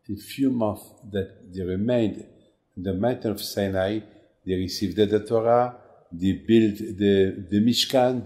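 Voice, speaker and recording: Man, rabbi, sermon in English, slow, mellow, halting with repeats, animated emphasis. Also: lowish voice.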